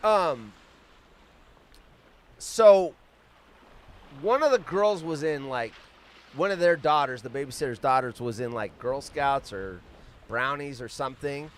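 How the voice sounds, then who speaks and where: A man's voice: a little high, a bit bright, slight background noise. A man in his fifties hosting a casual live stream from outdoors on vacation, rambling off on tangents and swearing freely. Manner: profane, rambling, quick tangents. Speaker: host.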